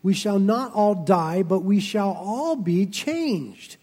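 A man preaching a sermon as pastor, building to loud, emphatic passages and then dropping low and quiet. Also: animated, slow. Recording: long reverb of a large hall.

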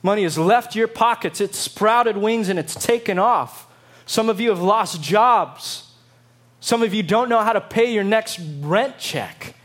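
Man preaching, high voice, dramatic and emphatic delivery. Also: measured pace, fairly bright tone. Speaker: pastor. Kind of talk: sermon.

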